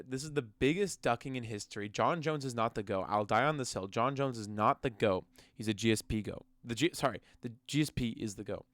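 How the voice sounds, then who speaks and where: A man's voice: medium pitch, brisk, few pauses, fairly bright tone, dry recording. A young man ranting casually and profanely about combat sports, mocking and heated. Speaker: MMA commentary vlogger. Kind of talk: casual rant to camera.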